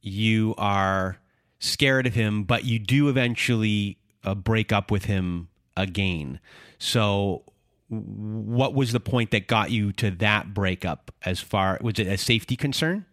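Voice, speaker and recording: A man hosting a podcast, recapping the guest's story in slow, measured questions with small hesitations. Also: fairly low pitch, a bit bright, no echo, studio quality. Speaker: podcast host.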